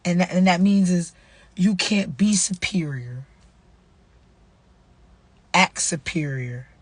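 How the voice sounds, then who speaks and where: A woman's voice: on the low side, expressive, slow, husky, dry recording. A woman, casually sharing faith advice and reading a devotional aloud, repeating herself and using slang. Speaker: vlogger running a nonprofit.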